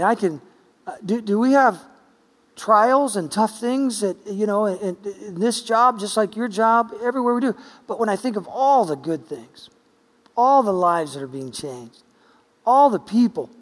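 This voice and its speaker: A man preaching a sermon in a church sanctuary, telling a story in a playful, chatty way. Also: high voice. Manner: playful, chatty, with quoted dialogue. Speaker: pastor. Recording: long church-hall reverb.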